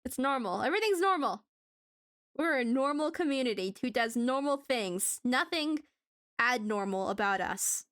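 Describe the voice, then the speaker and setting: A woman's voice: high voice, lively intonation, moderate pace, a bit bright. A woman streamer chatting casually with her viewers while drawing, giggling often and stumbling over restarts.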